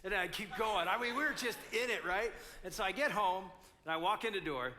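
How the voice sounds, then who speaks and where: Man, 60s, pastor, conference talk, lively storytelling, high voice. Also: a little fast, a little hiss or hum. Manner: animated storytelling, acts out both sides.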